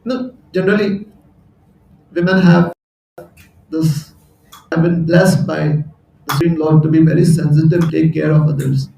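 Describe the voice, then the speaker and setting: A man tells a sermon story in a chatty way, often laughing at his own jokes. His voice sits high and mellow, and he speaks slowly. He sounds distant in an echoing hall. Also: steady tone, vocal fry, slight background noise. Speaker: temple speaker. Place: temple hall. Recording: echoey hall, voice from far off.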